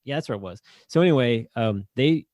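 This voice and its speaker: A man's voice: medium pitch, lively intonation, fairly quick, darkish tone, no echo, clean studio sound. A man from Northern Indiana, co-hosting a podcast in easygoing casual chat, laughing often and using many fillers. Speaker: podcast co-host.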